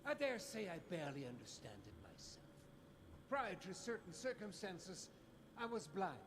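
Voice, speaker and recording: An actor with a German accent playing a formal, wordy gentleman and husband who was once blind, in a video game. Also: sits high, sing-song, normal speed, noisy background. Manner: courtly, theatrical, wordy.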